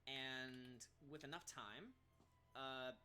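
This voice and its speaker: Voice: medium pitch, very slow, sharp tone, slight background noise. A game master narrating a tabletop game, rambling with many ums and little laughs.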